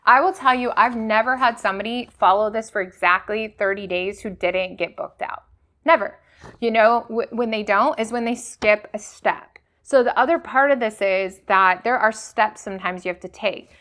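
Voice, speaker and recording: A woman's voice: medium pitch, moderate pace, a bit bright. A woman hosting a motivational business talk, coaching her audience with rhetorical questions and frequent "okay?" checks.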